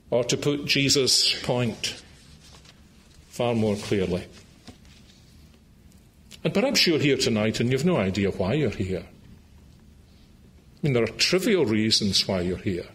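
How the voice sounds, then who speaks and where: A man's voice: medium pitch, very animated, slow, pauses often, a bit bright, a little hiss or hum. A man with a Scottish accent preaching a sermon in a church meeting, making earnest, pleading appeals to his listeners and closing in prayer.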